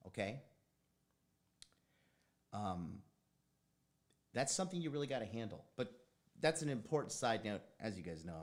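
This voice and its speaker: Casual male dating coach host, loose and profane, drifts into tangents, animated voice. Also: medium pitch. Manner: rambling, tangent-prone, blunt and profane. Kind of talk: casual livestream monologue.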